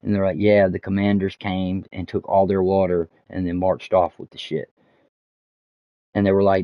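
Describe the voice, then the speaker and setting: This man has a low, level voice at a moderate pace, with no room sound on his dull, dry lo-fi mic. He rambles through a casual story while gaming on a home stream, restarting often, using plenty of fillers, and swearing a lot.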